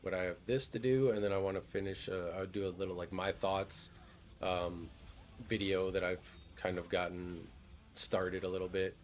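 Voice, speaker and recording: A relaxed man talking through his gameplay in a rambling, easygoing way, with casual swearing. His voice sits a little low. Faint background music plays under him. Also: normal speed. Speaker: gaming streamer.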